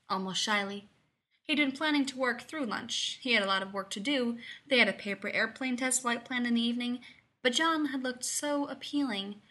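Woman narrating a story in a bright voice. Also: fairly high pitch. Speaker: story reader. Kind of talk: scripted narration.

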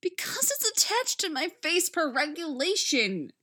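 A woman's voice: extremely high pitch, very animated, unhurried, pushed and bright, voice pushed up, full character voice. A woman reading fan fiction aloud, voicing a fussy man detective who yelps and whimpers. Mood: whimpering.

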